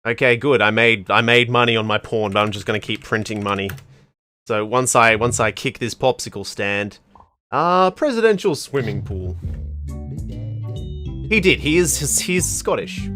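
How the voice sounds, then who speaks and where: A man's voice: on the low side, moderate pace, bright, forceful tone, faint music behind. A man hosting a let's play, giving casual, wry commentary on a game and reading on-screen text aloud.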